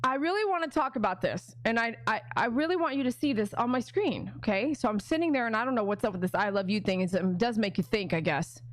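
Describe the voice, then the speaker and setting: A woman's voice: on the high side, lively intonation, fast, few pauses, no echo. A woman who works as a dog groomer, hosting a casual livestream chat in a rambling, chatty way with many asides. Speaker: dog groomer and channel host.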